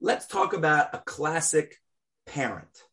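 A man teaching a weekly class on prayer, speaking deliberately and stressing key words as he explains them. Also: a little high, sing-song, fairly bright tone. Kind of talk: religious class lecture.

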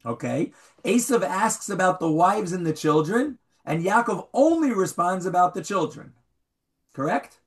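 Brief: male Bible teacher, lively rising and falling delivery, quizzes his class. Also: high-pitched, measured pace. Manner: animated, questions the students, reads Hebrew aloud. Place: classroom with a small group.

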